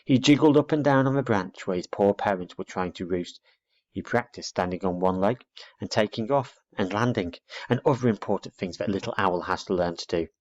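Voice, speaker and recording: A man narrating a children's storybook aloud in an expressive read-aloud manner, dull lo-fi recording. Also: fairly low pitch, a little fast.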